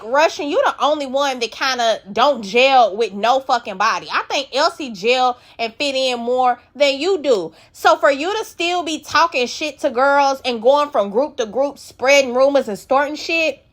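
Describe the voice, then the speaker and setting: Blunt high-voiced woman recapping. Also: expressive, normal speed. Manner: blunt, profane, opinionated. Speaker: recap vlogger. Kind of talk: casual reality-show recap.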